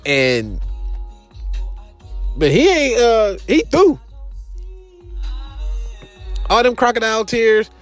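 A man's voice: sits high, huge pitch swings, takes it slowly, long pauses, soft background music. A young man with an African American Vernacular English accent, hosting a show in loose, profane casual commentary with laughing asides. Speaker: podcast host.

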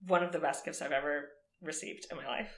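A woman's voice: low voice, fairly even intonation, fast talker, echoey room. A woman podcast co-host in casual chat, emotional and teary, laughing through sobs.

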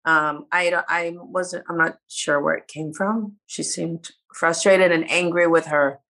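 A woman's voice: fairly low pitch, fairly even intonation, measured pace, a bit bright. A woman guest speaking candidly in a casual interview, sometimes losing her words. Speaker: reality show cast member guest.

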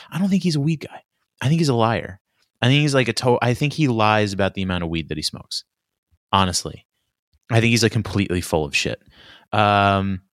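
Young male host, profane sardonic rambler, lowish voice, dry close sound. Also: a bit bright, dry recording. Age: young adult. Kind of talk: casual solo rant.

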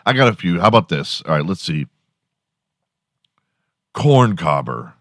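A man's voice: low-pitched, very animated, a little slow, fairly bright tone, no room sound. Rambling, crude man on a dry mic. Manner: rambling, crude, laughs at his own jokes. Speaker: podcast host. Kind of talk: solo comedic podcast rant.

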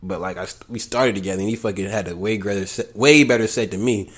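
A man and stand-up comic in casual chat, talking in an animated way with lots of restarts. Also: lowish voice, breathy edge. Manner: animated, halting restarts, crude humor. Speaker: stand-up comedian.

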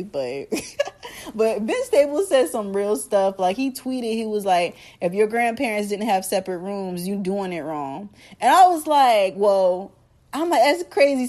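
A woman's voice: medium pitch, a little mellow. A young woman hosting a solo podcast, talking casually and animatedly to her listeners in a slangy, chatty way. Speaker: podcast host.

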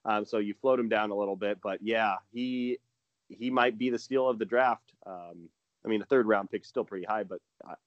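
A man's voice: on the low side, normal speed, no room sound, lo-fi sound. A man talking casually and with enthusiasm as a guest analyst on a podcast, rambling with restarts.

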